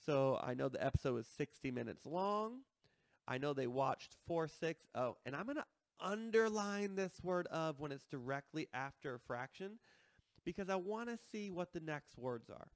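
A man's voice: a little high, expressive, normal speed, no echo. A man teaching a math lesson, explaining step by step and checking in with listeners as he works through problems.

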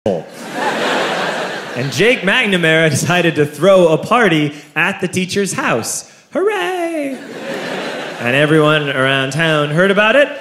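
A man in his thirties telling a stand-up story to a live audience, animated and shouting his punchlines. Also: a little high, normal speed. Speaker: stand-up comedian. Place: comedy venue with a live audience. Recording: echoey room, crowd laughter, background noise.

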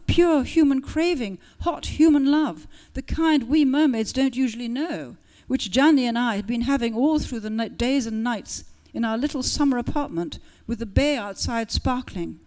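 Reading her first-person fiction to a literary audience, this female author uses a high-pitched voice at normal speed with few pauses. She tells the story with energy and expression, adjusting her tone to voice different characters.

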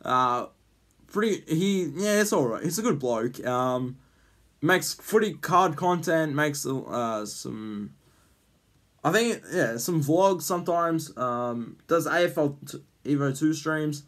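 A man's voice: fairly high pitch, expressive, takes it slowly, a bit bright. A man hosting a casual vlog, rambling with lots of ums and jokey teasing. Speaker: YouTube host.

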